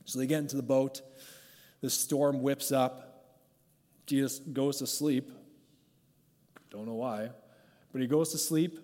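A man preaching in a relaxed, chatty way, drifting off his notes and filling his sentences with "like". His voice sits at an ordinary middle pitch, and it carries a long reverb from the hall around him. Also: takes it slowly, pauses often. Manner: conversational, peppered with "like", going off script. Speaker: pastor. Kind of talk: informal sermon and prayer.

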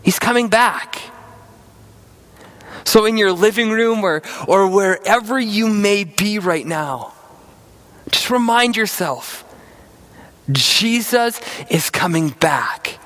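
High-voiced man preaching earnestly. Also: takes it slowly, pauses often, fairly bright tone, rough recording. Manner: earnest preaching with repeated restarts. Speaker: pastor. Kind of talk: sermon.

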